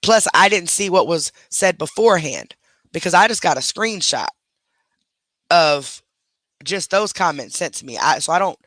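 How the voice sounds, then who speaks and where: Lady streamer, sassy and defensive, bright forceful voice, real dry close mic. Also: lowish voice, no room sound. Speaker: livestream host. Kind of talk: livestream reaction commentary.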